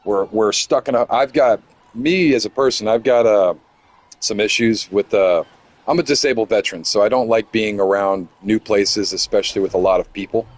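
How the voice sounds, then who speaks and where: A middle-aged man from Florida telling a story in a casual, rambling way, often stumbling and repeating words. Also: lowish voice.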